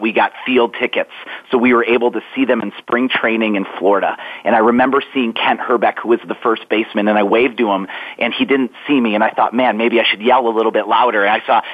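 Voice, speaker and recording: Earnest guy in his 40s telling a story over a tinny phone line, slows down to make a point. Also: fairly low pitch. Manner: earnest, reflective, slows down for emphasis. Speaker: guest author. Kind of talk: storytelling interview answer.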